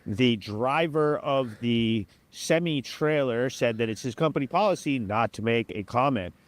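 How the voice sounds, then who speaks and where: A man's voice: medium pitch, a little slow. A man reporting plainly from the scene of a local road accident, matter-of-fact. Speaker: citizen news reporter.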